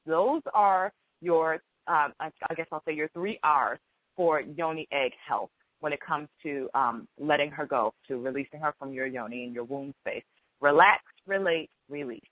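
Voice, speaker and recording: A woman hosting a call as a spiritual healer, teaching in a gentle, earnest way and repeating her key phrases. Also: sits low, dry recording, highs cut off. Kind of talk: spoken teaching on a group call.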